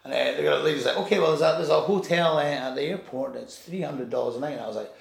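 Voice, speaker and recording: A man's voice: fairly high pitch, fast talker. A man telling a rambling anecdote in casual chat, swearing and acting out the people in it. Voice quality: gravelly. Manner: rambling, restarts, swears, acts out voices in anecdotes. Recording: echoey room.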